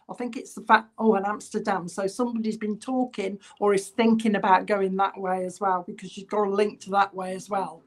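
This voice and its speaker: A woman, working as a spiritualist medium and chatting through spirit messages while reading live comments during an online church service. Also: mid-range voice.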